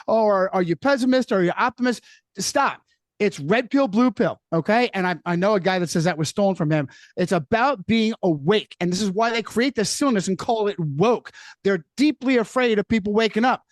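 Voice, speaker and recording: A man's voice: high-pitched, no room sound. A man speaking as a podcast guest in casual chat, making emphatic points that he repeats for weight, often ending on "okay?". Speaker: guest author.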